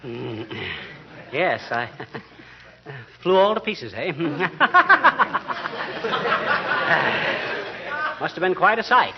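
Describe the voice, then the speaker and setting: A blustering, quick-tempered husband in a 1940s radio comedy, who sputters mock-oaths in a high, lively voice. He comes through a muffled, old broadcast recording with a soft hiss behind him. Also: a crowd in the background, heavily acted. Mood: joking. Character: blustering, hot-tempered small-town husband.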